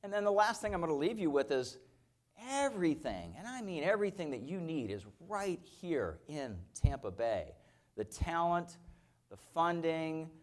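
Energetic man in his fifties, slightly high voice. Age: 50s. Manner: energetic, storytelling, keeps checking in with "okay?". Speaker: company founder and CEO giving a keynote. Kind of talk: motivational conference talk. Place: conference stage.

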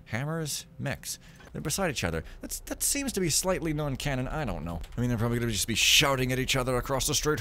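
A man's voice: medium pitch, very animated, fast, few pauses, sharp tone. A man giving chatty, jokey commentary while playing a game, full of wandering asides. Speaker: gaming video host. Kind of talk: let's play commentary.

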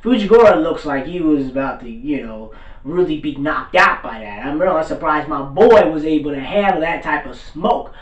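A man's voice: fairly high pitch, lively intonation, normal speed. Slangy man recapping, roomy distant sound. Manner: loose slangy retelling, acts out characters' lines. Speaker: anime reviewer. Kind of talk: casual episode recap.

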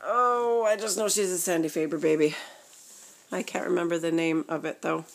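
Young woman, casual vlog chat, rambling, filler words, soft-spoken at times. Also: fairly low pitch, fairly even intonation, normal speed, vocal fry. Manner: chatty and rambling, with fillers and self-corrections; talks softly, sometimes dropping to a near whisper. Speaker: vlogger showing her reborn dolls.

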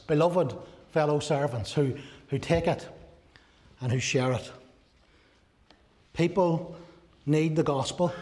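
A man delivering a sermon in a slightly high voice. He preaches earnestly and asks many rhetorical questions, then sinks to a soft, low tone on the key lines. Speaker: pastor.

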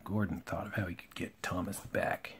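A man with a fairly low voice reads a children's storybook aloud. His reading is relaxed and homely, with small slips and friendly asides along the way. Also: normal speed, a little hiss or hum. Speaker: storybook reader.

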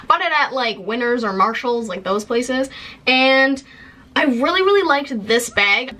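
Talking a little slowly, this young Canadian woman in her twenties has a high-leaning, pushed, bright voice with lively intonation. On camera, she bubbles through a casual haul chat about things she purchased and was gifted, using lots of fillers.

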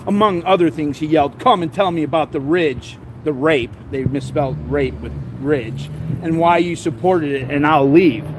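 A man's voice: fairly high pitch, normal speed, background noise. A man reading court papers aloud outdoors, stumbling over the words and breaking off with laughing, sarcastic asides. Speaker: vlogger.

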